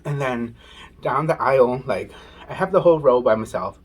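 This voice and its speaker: Husky man telling a casual story. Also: mid-range voice, moderate pace. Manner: animated, says "y'all" and "oh my goodness". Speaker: mukbang vlogger. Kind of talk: casual storytelling while eating.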